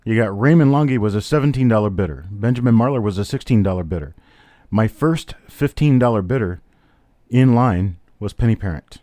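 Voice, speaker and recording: A man's voice: fairly low pitch, lively intonation, fairly quick, dark tone, no echo, studio quality. A man hosting a live-stream coin auction, chatty, calling out bidders and prices one after another. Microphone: webcam on a stand.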